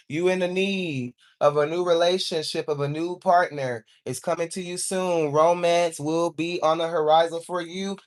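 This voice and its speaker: Live intuitive card reader, chatty and encouraging, tags "okay?" after each point. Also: mid-range voice. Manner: encouraging, repeats "okay?" often; informal speech, calls on angels.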